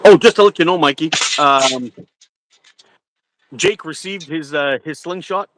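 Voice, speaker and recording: A man's voice: a little high, a little slow, fairly bright tone, a little hiss or hum. A man chatting on a live stream who laughs often and hesitates with many "uh"s. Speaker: livestream co-host. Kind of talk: casual live chat.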